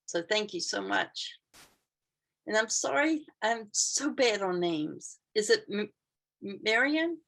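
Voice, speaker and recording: An older woman recounts a personal story with a gravelly voice. She speaks candidly and pokes fun at herself, acting out the other voices in her story. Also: medium pitch, animated, slow pace, a bit bright. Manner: candid, self-deprecating, with acted dialogue.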